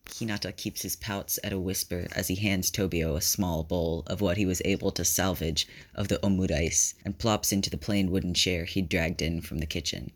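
Deep-voiced man reading a story. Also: fairly even intonation, moderate pace, hardly any pauses. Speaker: reader. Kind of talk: reading fan fiction aloud.

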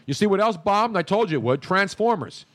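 A man's voice: sits high, expressive, a little fast, a bit bright, dry recording, clean studio sound. A man hosting a casual sports talk show, emphatic and jokey. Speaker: host.

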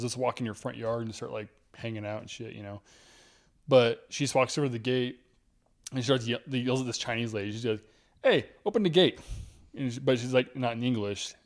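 A man's voice: medium pitch, a little mellow. A man telling a story in casual podcast chat, blunt and rambling, swearing often.

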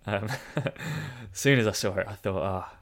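A man's voice: fairly low pitch, moderate pace. Laughing man reviewing films. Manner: reads reviews aloud with mock emphasis, laughs often. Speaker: podcast co-host. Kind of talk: casual film review chat.

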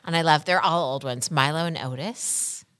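A woman co-hosting a podcast in casual chat, rambling and animated, laughing often. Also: sits low, moderate pace, clean tone. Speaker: podcast co-host.

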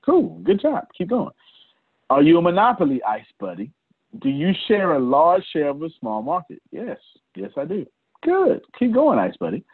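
A man leading a business coaching session on a video call. He talks in an animated way and addresses attendees by name. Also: high voice, normal speed, creaky, husky, dry recording. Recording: tinny phone-like call audio.

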